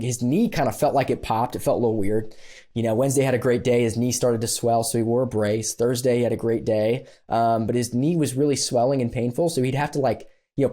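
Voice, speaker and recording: A man on a podcast, relaxed and mellow in tone, recounting a story at an easy middle pitch. He is animated and self-deprecating, and he fills his sentences with casual "ums" and "you knows.". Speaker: podcast guest, business consultant. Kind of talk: conversational storytelling.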